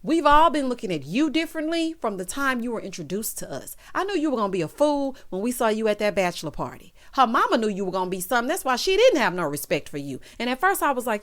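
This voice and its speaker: A woman's voice: fairly high pitch, big pitch swings, fast. A woman recapping a reality show, talking with sass straight to its cast and acting out their lines. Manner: sassy, talks straight to the people on the show; acts out each person's quoted lines. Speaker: recap vlogger.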